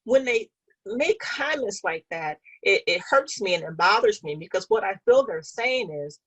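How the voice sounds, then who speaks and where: Husky woman, earnest conversational storyteller. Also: medium pitch, lively intonation, normal speed, a bit bright, muffled recording. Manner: earnest, speaks with conviction. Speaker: interview guest.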